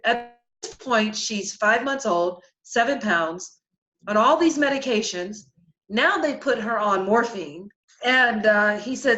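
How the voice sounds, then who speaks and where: A middle-aged woman shares a personal spiritual story on a podcast. She talks earnestly, with halting restarts and repeated words. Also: a little high, fairly bright tone, poor audio. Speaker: podcast guest.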